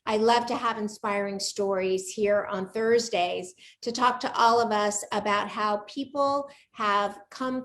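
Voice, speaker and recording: A woman in her sixties hosting a live online chat show over a video call, bubbly and chatty, laughing often. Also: mid-range voice. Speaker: host of a live cooking show interview.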